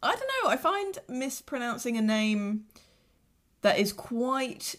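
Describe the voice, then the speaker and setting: A woman's voice: fairly high pitch, very animated, slow pace. A young woman hosting a casual podcast chat, chatty and playful. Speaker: podcast host.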